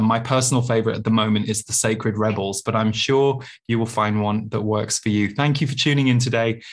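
A man hosting a spiritual podcast, speaking thoughtfully and reflectively. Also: fairly low pitch. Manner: thoughtful, reflective, with many restarts. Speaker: podcast host. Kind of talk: casual interview chat.

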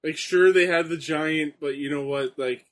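A man's voice: fairly high pitch, normal speed, fairly bright tone. A man in casual chat about old wrestling, easygoing, laughing often and trailing off mid-sentence.

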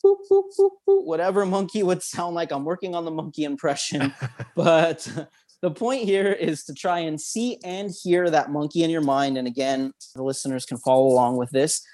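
Male guest expert, upbeat teacher's manner, slightly high voice, guiding a visualization. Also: moderate pace, darkish tone. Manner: upbeat, instructive, chuckles often. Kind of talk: guided visualization in an interview.

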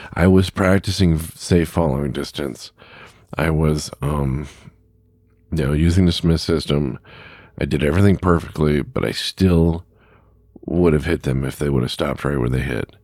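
A man's voice: very deep voice, vocal fry, warm tone, no echo, studio quality. A middle-aged man, a truck driver, telling a story in a blunt, rambling, plain-spoken way. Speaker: long-haul truck driver. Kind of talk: casual storytelling to camera.

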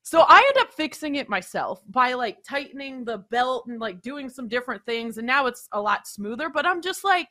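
A woman's voice: expressive, moderate pace, hardly any pauses, sharp tone. A woman in her thirties ranting in casual chat, telling annoyed stories and mimicking people. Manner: exasperated storytelling, mimics people in higher voice. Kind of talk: casual sports talk chat.

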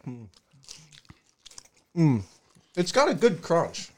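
A man's voice: on the high side, wildly swooping pitch, slow pace, a little mellow. A man in casual livestream chat, wisecracking and swearing while eating.

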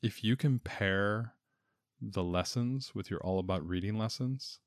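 Low deep male voice, homeschool parent, rambling casual talk, repeats words, dry sound. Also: measured pace, dry recording. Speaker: homeschooling parent reviewing a reading curriculum. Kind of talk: casual podcast chat.

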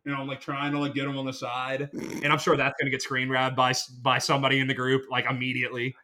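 Young guy podcast host, bright forceful voice, rambly story mode. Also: medium pitch, quick pace. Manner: rambling, animated, full of fillers. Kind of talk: casual storytelling chat.

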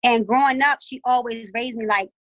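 A woman's voice: fairly high pitch, normal speed, dry recording, muffled recording. A woman in her thirties with a Baltimore accent, chatting casually as a guest and acting out the voices of people in her stories. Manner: animated storytelling, acts out voices. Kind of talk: casual chat.

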